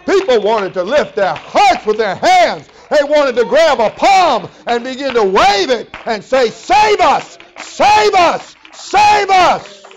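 A pastor delivers a sermon in a slightly high-pitched male voice, swinging between loud shouted calls and low, rambling asides. His talk is folksy, full of repeated words and restarts. The recording sounds muffled and lo-fi.

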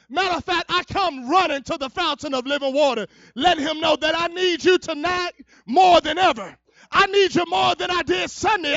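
A male evangelist preaching a church sermon, dropping to low murmurs and then rising into fervent shouting, captured on a dull, lo-fi recording. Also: no echo. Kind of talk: fiery preaching. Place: church service.

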